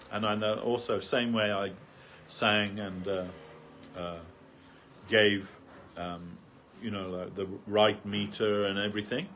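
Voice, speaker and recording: A man's voice: lowish voice, fairly bright tone, a little hiss or hum. A man speaking at a devotional gathering, telling a long anecdote through many quotes, with frequent fillers and restarts. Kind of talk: storytelling talk.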